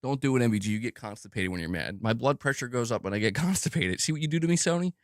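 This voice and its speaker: A man's voice: medium pitch, expressive, fast, no room sound, clean studio sound. A man ranting on his live stream, exasperated and swearing a lot. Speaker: gaming news streamer.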